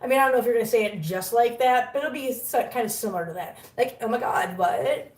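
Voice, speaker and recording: A woman's voice: fairly high pitch, fast, a little mellow, far from the mic. A woman from the US, chatting casually to her live stream viewers and laughing often. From Southern US. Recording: roomy sound from off mic.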